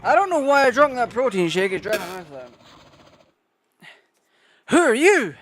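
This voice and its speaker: A man's voice: high voice, sing-song, quick pace, fairly bright tone, a little hiss or hum. A Scottish man giving casual, sarcastic, profane let's-play commentary on a retro game. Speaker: gaming YouTuber.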